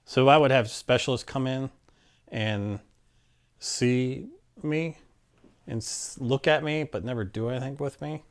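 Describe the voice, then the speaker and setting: Man from Maryland, mid-pitched, plainspoken storyteller who rambles and acts out old conversations. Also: unhurried, long pauses. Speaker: interviewee. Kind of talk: casual personal storytelling.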